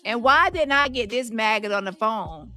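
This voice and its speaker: A woman hosting a livestream taunts a rival and turns to her viewers in heated, confrontational reaction commentary. Her voice is a little high and animated with a sharp tone at normal speed, and faint music plays behind.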